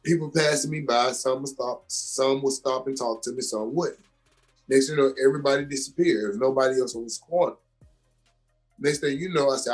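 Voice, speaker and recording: A young adult man from Georgia in the US, an actor and comedian guest telling his story with animated emphasis in a casual interview. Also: medium pitch, a little fast, faint music behind.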